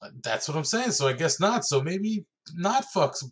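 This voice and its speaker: A man co-hosting a podcast in casual chat, with quick banter full of laughs and swearing. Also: a little high, very animated, husky. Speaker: podcast co-host.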